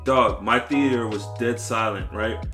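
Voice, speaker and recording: A man co-hosting a podcast in casual chat, animated, laughing often and acting out what people said. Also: a little slow, over music. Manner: animated, acts out quotes in a high voice, laughs often. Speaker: podcast co-host.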